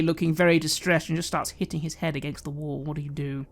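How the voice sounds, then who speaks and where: A woman's voice: sits low, fairly even intonation, fast talker. A woman running a tabletop game as game master, describing scenes and asking players what they do.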